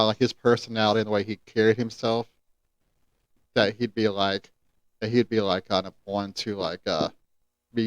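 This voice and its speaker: A man's voice: lowish voice, smooth, no echo. A man hosting a casual podcast, easygoing and enthusiastic, laughing often as he chats. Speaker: podcast host.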